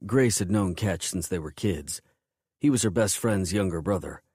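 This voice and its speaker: Man, audiobook narrator, low voice, intense, measured, dry. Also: darkish tone, no room sound. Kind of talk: first-person romance audiobook narration.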